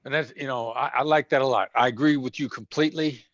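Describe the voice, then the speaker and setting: A man being interviewed as a former hostage negotiator, talking conversationally and acting out tones of voice that move between gentle and sharp. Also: medium pitch, steady tone, quick pace, no echo, muffled recording.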